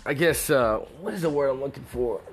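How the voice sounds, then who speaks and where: A man's voice: mid-range voice, fairly quick, slightly rough, soft background music. A man hosting his own show, talking alone in a rambling, profane, casual way. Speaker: show host. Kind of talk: casual solo commentary.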